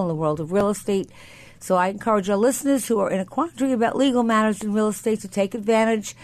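Female radio host, mid-pitched, chatty, upbeat, rambling studio talk. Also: no room sound. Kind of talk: casual talk radio chat.

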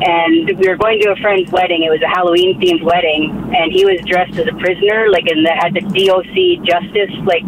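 A man's voice: high-pitched, steady tone, a little fast, few pauses, noisy background. A man, calling in to tell a story in a laid-back way. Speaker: caller.

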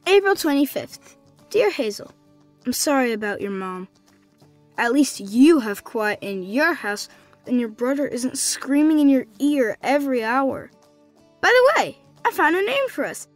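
A woman's voice: high voice, very animated, measured pace, soft background music. A woman playing a cheerful, lighthearted young boy writing letters in an audio drama. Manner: bubbly, lighthearted, playful.

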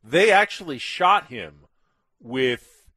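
A man's voice: on the high side, expressive, takes it slowly, pushed and bright, slightly rough. A man co-hosting a casual chat, talking in a conversational way and adding asides. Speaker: podcast co-host.

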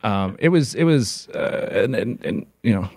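A man's voice: fairly low pitch, animated, measured pace, darkish tone, slightly rough, no room sound. A man as an interview guest, chatting casually in a rambling way, with many restarts and filler words. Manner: rambling, full of "like" and restarts, laughs often.

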